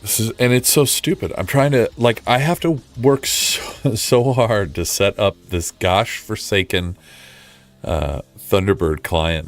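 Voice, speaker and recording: A man streaming casually, rambling and frustrated, mocking himself as he chats with viewers. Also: mid-range voice. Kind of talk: casual live-stream chat.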